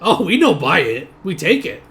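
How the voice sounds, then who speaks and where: A man's voice: high voice, big pitch swings, normal speed, crowd noise, voice pushed up. A man voicing a blunt, suspicious male goblin guard who talks in broken grammar. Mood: stubborn. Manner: broken grammar, gruff and stubborn.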